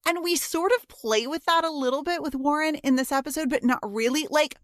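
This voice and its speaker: A woman co-hosting a podcast, talking in loose, halting casual chat. Her voice sits on the higher side and she often stops to search for the right word, swearing now and then. The recording is dry and close, with no room sound. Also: a bit bright, no echo. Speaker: podcast co-host.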